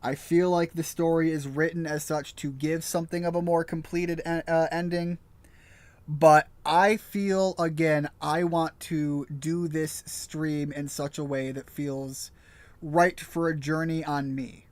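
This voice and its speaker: A man live-streaming a game, talking it over in a casual, thoughtful, halting way. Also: a little high, level tone, no room sound. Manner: thoughtful, halting, searching for words. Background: game music.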